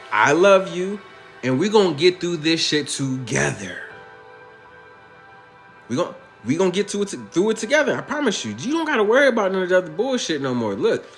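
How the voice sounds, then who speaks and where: A man giving a coaxing, profane spiritual pep talk to his other self in a comedic sketch, drawing out his key lines slowly. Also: fairly high pitch. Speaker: motivational speaker.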